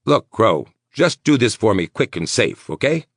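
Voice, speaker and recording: A man voicing a nervous, sweating male mayor, talking in tense, insistent rapid bursts. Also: lowish voice, sing-song, husky, no room sound, studio quality, pitched above the performer's own voice. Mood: worried.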